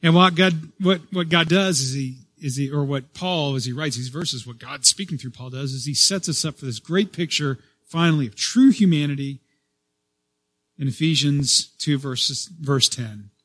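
A male pastor preaching a sermon in a slightly raised voice. He swells loud on key words, then falls soft, often circling back to restart a phrase. The sound is close and dry, with little room echo. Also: a little high, normal speed. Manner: repeats and restarts phrases as he speaks.

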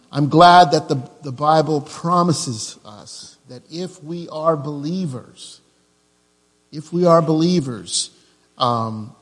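A man preaching a sermon as pastor, repeating key phrases with slow, deliberate emphasis. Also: fairly high pitch, long reverb tail.

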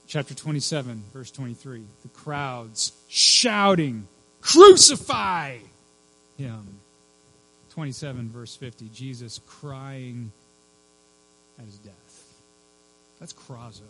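A man preaching a sermon as pastor, dropping to a hush and then rising to loud cries for emphasis. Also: medium pitch, takes it slowly, long pauses, low-quality recording. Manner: swings from hushed to shrieking for emphasis.

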